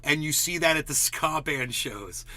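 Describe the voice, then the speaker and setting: A man's voice: on the high side, lively intonation, a little slow, sharp tone. A man hosting a casual chat about music, rambling with lots of "like" and "bro". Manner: rambling, says "like" and "bro" a lot.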